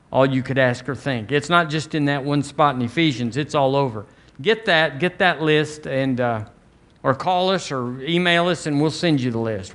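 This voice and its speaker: A man's voice: on the high side, fairly bright tone. A man preaching a fervent sermon as pastor, leading his church in call-and-response.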